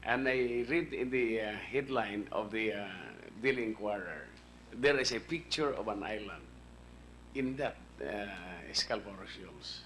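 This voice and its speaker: A man's voice: lowish voice, measured pace, fairly bright tone, a little hiss or hum. A man testifying at a senate hearing, deferential and frank. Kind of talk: formal testimony.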